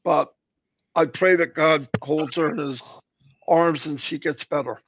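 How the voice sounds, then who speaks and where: A man's voice: a little high, measured pace, fairly bright tone, no room sound, muffled recording. A man hosting a casual live stream, talking earnestly and rambling with many restarts. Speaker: host.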